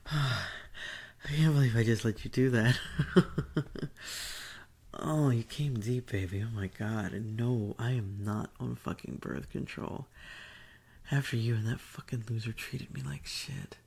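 A woman in a teasing, breathy whispered role-play, taunting the listener. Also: rumbling low, takes it slowly, pauses often, a little mellow, a little hiss or hum. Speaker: erotic audio performer.

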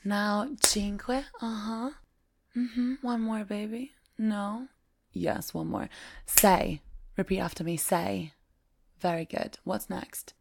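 Woman playing a slow, teasing strict tutor in whispered role-play. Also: mid-range voice, fairly even intonation, creaky, a little hiss or hum. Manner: slow, teasing, domineering, with frequent soft laughs.

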